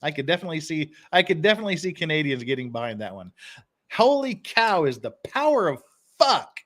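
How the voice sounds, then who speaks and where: A man's voice: a little high, very animated, a little fast, fairly bright tone. Chuckling man hosting a live stream. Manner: chuckles often, reads phrases aloud. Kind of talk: casual live-stream commentary.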